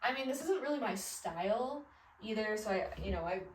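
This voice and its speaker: Brisk and animated at a medium pitch, a woman in her thirties from the American Midwest chats about her closet's outfits as a fashion vlogger. It's rambling, casual talk packed with fillers and laughs. Slight background noise sits in a roomy recording, with her a little distant from the mic.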